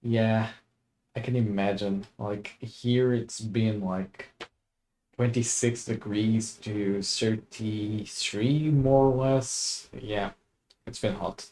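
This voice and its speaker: A man's voice: on the low side, steady tone, slow pace, dark tone, slight background noise. A young man chatting casually as he streams a game for the first time, laid-back and chuckling often. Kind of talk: casual let's-play commentary.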